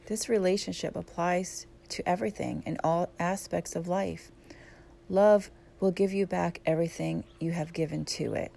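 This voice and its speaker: A woman who teaches yoga reads her own self-help book aloud. Her voice is low with a noticeable gravelly fry, and she speaks calmly and candidly. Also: normal speed, slight background noise. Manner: calm, reflective, candid. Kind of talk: audiobook narration.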